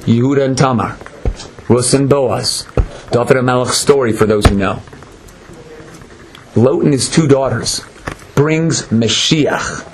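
A man giving an animated Torah lecture, dramatic and acting out the voices of the people in his story. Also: measured pace, long pauses, background noise. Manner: dramatic, acts out voices, swings between high and low. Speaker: Torah teacher.

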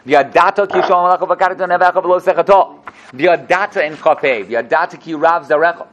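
A man teaching a class on a scripture text. He reads Hebrew verses aloud and then explains each one in quick, lively English. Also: fairly high pitch, highs cut off, slight background noise. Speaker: Torah teacher. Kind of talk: animated text-study class.

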